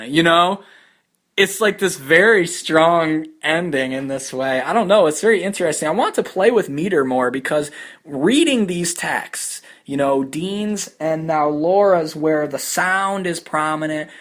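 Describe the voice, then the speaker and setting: A young man talks through poems in a loose, thoughtful way, full of fillers and restarts. His voice is bright and clear, and he slows down to read lines aloud. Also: fairly high pitch. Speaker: podcast host discussing poetry. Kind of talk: casual spoken commentary with poetry readings.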